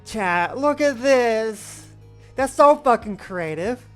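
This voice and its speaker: Animated woman streamer, faint music. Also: on the high side, slow. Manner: animated, swears, talks to chat. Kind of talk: casual gaming livestream.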